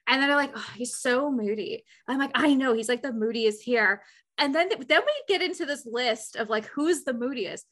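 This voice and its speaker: A young woman co-hosting a podcast, telling workplace stories in animated casual chat with many filler words. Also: fairly high pitch, moderate pace. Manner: animated storytelling, lots of "like" fillers. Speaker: podcast co-host.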